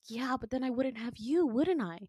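A woman voicing a creepy, obsessed male villain who talks in an eerily calm, coaxing way, pleased with himself. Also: high-pitched, moderate pace, breathy edge, no echo, clean studio sound, voice pushed up.

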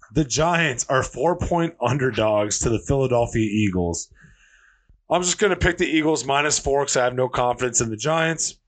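A man hosting a casual sports podcast, ranting heatedly and swearing freely. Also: mid-range voice. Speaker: podcast host.

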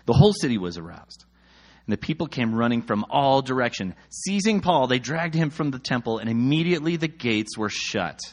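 Man, thirties, lively swooping delivery; casual scripture reading with comic, exasperated commentary. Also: medium pitch, fairly quick. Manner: animated, jokey, exasperated asides.

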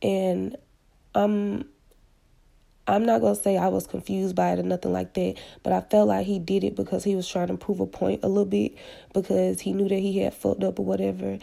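A podcast storyteller, a woman, casually retells a personal story with blunt, slangy and profane candor. Her medium-pitched voice is gravelly and mellow.

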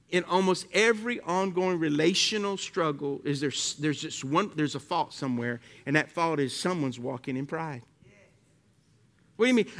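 A man preaching a sermon as pastor, animated and full of rhetorical questions that he tosses to the congregation. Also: very high-pitched.

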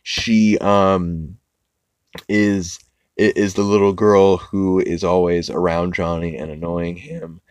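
Low-voiced, laid-back man podcasting. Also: level tone, takes it slowly, clear, resonant tone, no room sound, studio quality. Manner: loose and rambling, swears freely, laughs at his own recaps. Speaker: podcast host. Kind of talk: casual podcast chat recapping cartoons.

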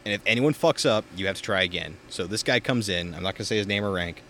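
Casual young male co-host, low-pitched, rambles with fillers and cussing, faint outdoor noise. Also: quick pace, sharp tone. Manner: rambling storyteller, heavy filler words and swearing. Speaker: podcast co-host. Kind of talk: casual chat. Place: outdoors in a backyard.

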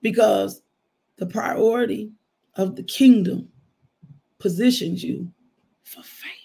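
A man delivers a devotional like a conversation over coffee. His voice sits high, with a husky, gravelly texture. He moves between preaching and personal testimony, often breaking into laughter. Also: takes it slowly. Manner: animated storytelling testimony, frequent laughter. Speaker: minister.

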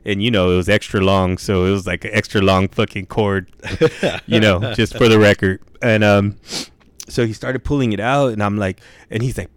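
A man's voice: fairly low pitch, fairly even intonation, normal speed, no room sound. A young man telling a story in casual chat, laid-back and loose, swearing a lot and saying dude and bro.

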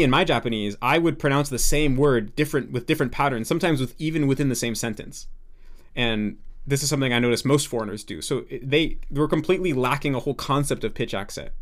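A young man as a podcast guest, explaining earnestly and thinking aloud in a casual interview. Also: medium pitch.

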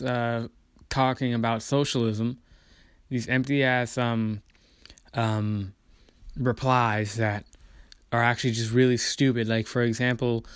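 A man's voice: mid-range voice, smooth, no echo, clean studio sound. A man hosting a political commentary video, ranting casually with profanity, dismissive asides and lots of fillers.

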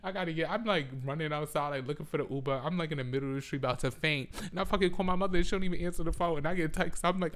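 A man's voice: a little high, fast. A young man, telling a profane, dramatic story in a casual vlog. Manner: animated, profane, dramatic retelling. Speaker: vlogger.

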